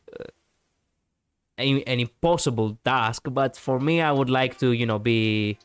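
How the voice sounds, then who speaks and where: A man's voice: medium pitch, a little slow, clean tone, no echo. A man chatting casually on a live stream, rambling and reacting to viewers with many fillers.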